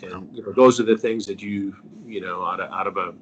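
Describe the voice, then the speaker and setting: A man's voice: deep voice, steady tone, fairly quick, muffled recording, noisy background. A middle-aged man, a journalist being interviewed, telling a story earnestly and trailing off to a near-whisper at the ends of phrases. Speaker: investigative journalist, guest.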